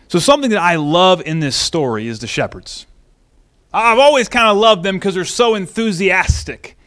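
A male pastor with a high voice gives a relaxed, animated sermon. He reads scripture, prays, and talks through the story conversationally, often restarting his phrases. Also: moderate pace. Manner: casual, animated teaching with restarts.

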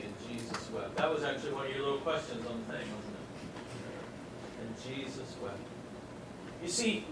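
A man preaching in a big echoey hall, his high voice carrying from well back from the mic. He swings between loud, emphatic bursts and hushed, near-whispered lines, acting out the voices he quotes. Room noise hangs under every word. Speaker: pastor. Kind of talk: sermon. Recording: echoey hall miked from a distance, audible noise.

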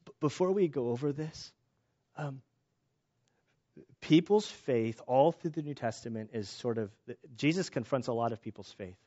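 A man preaching a sermon in a casual, animated way, joking about himself and often restarting his sentences. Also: medium pitch, normal speed. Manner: casual, animated, self-deprecating jokes, many restarts. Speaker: pastor. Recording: slightly dull lo-fi sound.

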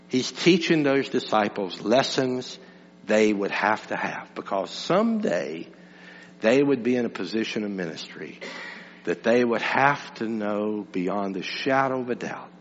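A man preaching a sermon as pastor, swinging between loud emphatic lines and soft, low asides. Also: big-room sound, muffled recording, a little hiss or hum.

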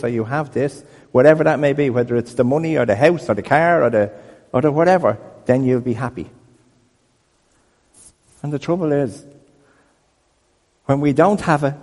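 A man preaching a sermon as a pastor, telling stories in a conversational, animated way. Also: medium pitch, in a large hall. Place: church building.

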